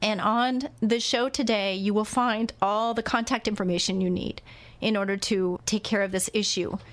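A woman's voice: mid-range voice, fairly even intonation, moderate pace. A woman hosting a radio talk show, interviewing a guest and making earnest, urgent appeals to listeners.

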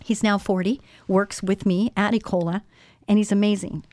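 A woman's voice: medium pitch, little pitch movement, moderate pace, darkish tone, dry recording. Older lady doing christian radio talk, earnest and personal, dry close studio mic. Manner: earnest, personal, speaks straight to listeners. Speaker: radio show host. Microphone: studio microphone.

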